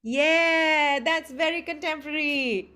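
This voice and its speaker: A woman's voice: high voice, fairly even intonation, slow, sharp tone. A woman voice teacher running an online group singing lesson, calling students by affectionate names and singing the exercises to show them. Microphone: video call.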